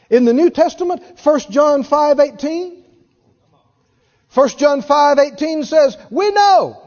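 A man's voice: very high voice, darkish tone, long reverb tail, dull audio. A man preaching a sermon, emphatic, repeating words for effect and laughing between points.

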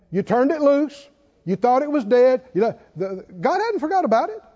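A man's voice: very high voice, big pitch swings, moderate pace, a little mellow. A man preaching a sermon, chuckling often and building to emphatic calls to his listeners. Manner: preaching with laughs and rising exhortation. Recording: dull sound in a reverberant hall.

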